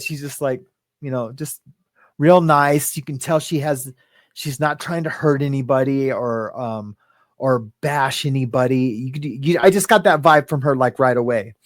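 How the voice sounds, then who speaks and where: A man's voice: a little high, unhurried, dry recording, clean studio sound. A man hosting a casual live stream, rambling, laughing often and greeting viewers in the chat by name. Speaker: livestream host.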